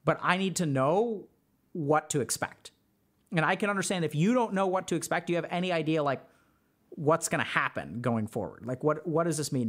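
A man hosting a podcast as a mental health doctor, talking through relationship advice in an earnest, conversational way with many fillers. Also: a little high. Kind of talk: casual advice talk.

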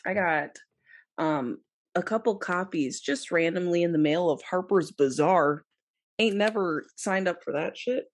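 A woman's voice: on the low side, a little slow. A young woman co-hosting a podcast, bantering playfully and swearing in casual chat. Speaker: podcast co-host.

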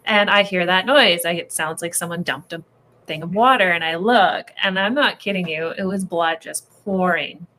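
A woman in her thirties, a guest on a podcast, telling a story with energy. Her voice sits a little low, and she drops into quick impressions of the people she is quoting. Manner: lively, acts out quoted voices while telling a story. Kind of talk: animated storytelling in casual chat.

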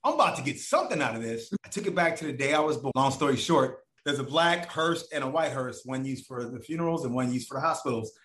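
A man's voice: mid-range voice, fast, few pauses, reverberant. A man telling a long personal story in casual, profane talk, acting out the voices of the people in it. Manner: animated, profane, acts out voices of others.

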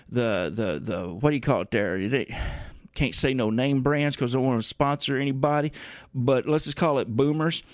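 A man's voice: fairly high pitch, no echo, studio quality. A man hosting a radio show, telling a rambling comic story in a folksy way, with grumbling asides. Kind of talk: comedic rambling monologue.

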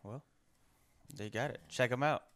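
A man's voice: medium pitch, unhurried, a bit bright. A man co-hosting a podcast, easygoing and joking with short replies. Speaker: podcast co-host. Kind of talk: casual podcast chat.

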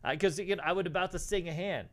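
A man's voice: high voice, fast, a bit bright. A middle-aged man telling casual stories as a co-host on a livestream, swearing and saying "dude" a lot. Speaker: podcast co-host.

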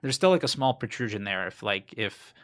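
A man from South Florida talks as a podcast guest in a low, bright, forward voice. He tells candid stories in a rambling, conversational way, circling back on his own sentences. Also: lively intonation, fairly quick. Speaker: guest, comedian.

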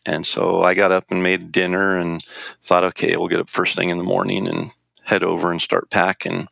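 Deep gravelly man telling a story. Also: completely flat delivery, moderate pace, a bit bright, dry recording. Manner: rambling, with restarts and quoted dialogue. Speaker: guest recounting a hunting trip. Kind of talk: casual storytelling.

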